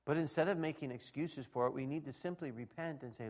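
A middle-aged man preaching a sermon, emphatic, dropping to quiet asides and rising to shouts. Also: fairly high pitch, fast. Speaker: pastor.

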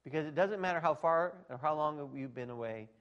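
Middle-aged male pastor, high voice, emphatic sermon delivery with sudden loud peaks. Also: brisk, dull audio. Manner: emphatic, swings from quiet asides to shouting.

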